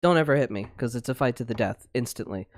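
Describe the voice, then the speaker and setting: This is a podcast co-host on a livestream, launching into an angry, profane rant. The pitch sits mid-range, and the sound is dry and close. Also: animated, fast, no echo. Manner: angry, swearing, blunt ranting. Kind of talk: heated casual discussion.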